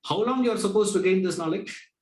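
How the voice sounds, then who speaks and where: A man's voice: sits high, quick pace, reverberant, rough recording. Man giving a spiritual lecture. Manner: conversational, rhetorical questions, acts out dialogues. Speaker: Vedanta teacher.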